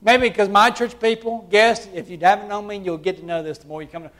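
Fervent bright-voiced preacher. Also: male voice, sits high, steady tone, fairly quick. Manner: swings between loud fervent preaching and quiet hushed passages. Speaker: pastor. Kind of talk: sermon.

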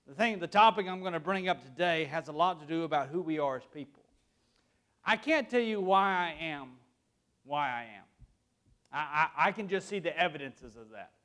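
High-voiced man preaching. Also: a bit bright. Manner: conversational preaching with questions to the congregation. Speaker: pastor. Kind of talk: sermon.

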